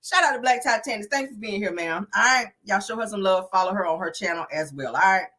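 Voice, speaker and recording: A woman's voice: mid-range voice, quick pace, sharp tone. A woman retelling a reality show in a casual, sassy way, full of slang and laughter. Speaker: show recap host.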